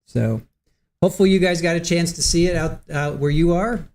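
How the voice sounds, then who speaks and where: A chatty middle-aged man hosts a live online show, reading out viewer names and laughing easily. His voice sits a little high for a man, with a warm, mellow tone. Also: a little fast. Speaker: livestream host. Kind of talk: casual livestream chat.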